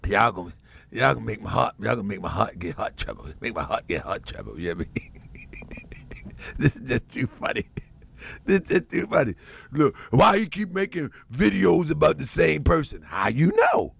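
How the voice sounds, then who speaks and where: A man's voice: sits high, gravelly, a bit bright, husky. A man hosting a commentary livestream, mocking his subject and laughing often. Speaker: host.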